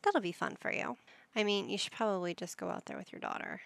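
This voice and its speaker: A woman's voice: mid-range voice, fast, vocal fry, no room sound. A woman giving casual commentary while playing a life-sim game, coaxing and scolding her characters like a playful parent. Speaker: gaming YouTuber.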